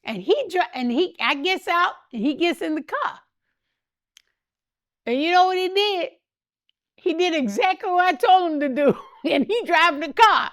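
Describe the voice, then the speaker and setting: Older woman, interview guest, high voice, animated, laughing storyteller. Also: moderate pace. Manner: animated, laughs often, acts out quoted speech. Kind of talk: candid storytelling.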